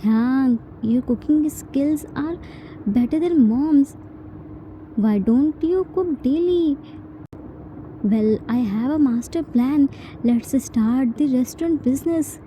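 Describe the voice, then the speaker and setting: A whiny young heir who wails and begs in high, stretched-out cries, put on by a woman reading a story. The tone stays dark and mellow under the drama, and the delivery is slow and theatrical. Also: slight background noise, poor audio. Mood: pleading. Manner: melodramatic wailing, pleading. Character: whiny young man, a mafia boss's son.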